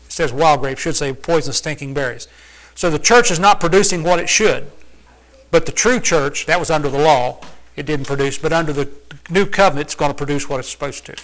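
Folksy man preacher, high and bright, teaches casually and quizzes the room. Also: brisk, rough recording. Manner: folksy, conversational, asks the listeners questions. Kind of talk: informal Bible teaching.

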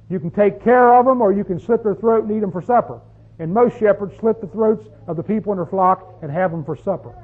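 Man, pastor, folksy sermon, high voice, tinny phone-like sound. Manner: folksy and conversational, asking the congregation questions.

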